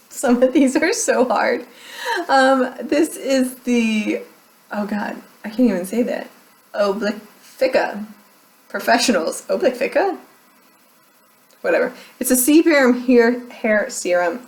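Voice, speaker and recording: Chatty self-mocking woman beauty vlogger. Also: fairly high pitch. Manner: chatty, self-deprecating, laughs often. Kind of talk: casual chat.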